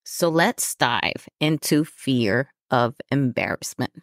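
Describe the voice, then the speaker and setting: A woman's voice: extremely low pitch, lively intonation, slow, no echo, clean studio sound. A woman hosting a personal podcast, talking candidly with frequent fillers and an occasional self-conscious laugh. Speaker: podcast host. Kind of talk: personal reflective podcast talk.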